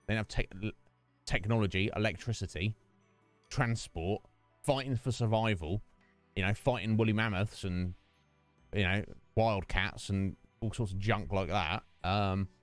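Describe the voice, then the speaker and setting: Low, smooth-voiced British man rambling. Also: moderate pace, pauses often, no echo, faint music behind. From United Kingdom. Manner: rambling, musing aloud with frequent fillers and restarts. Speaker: streamer chatting with viewers. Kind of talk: casual chat during a game stream.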